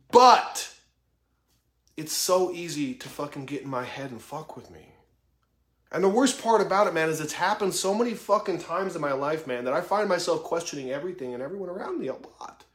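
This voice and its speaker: A motivational vlogger in his thirties delivers a blunt, profane monologue to camera in an echoey room, swearing heavily and speaking emphatically and openly about his own weaknesses. His man's voice sits high and is a bit bright.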